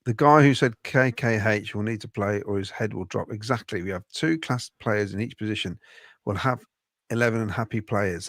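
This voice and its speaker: A man's voice: mid-range voice, fairly quick, dry recording, studio quality. A man with a Coventry accent co-hosting a football fan podcast, reading out viewer comments with chatty asides. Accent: Coventry English. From Midlands, England. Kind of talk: casual fan podcast chat.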